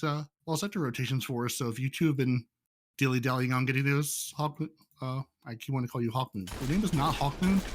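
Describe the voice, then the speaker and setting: A man's voice: medium pitch, fairly bright tone. A man hosting a casual gaming podcast, joking and often repeating words as he talks. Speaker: podcast host.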